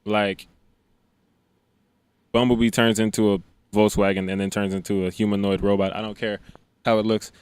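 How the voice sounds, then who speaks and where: A man co-hosting a casual movie podcast, relaxed and laughing easily. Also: on the low side, moderate pace, pauses often, clear, resonant tone, no echo. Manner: laid-back, laughs easily. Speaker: podcast co-host. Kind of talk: casual chat.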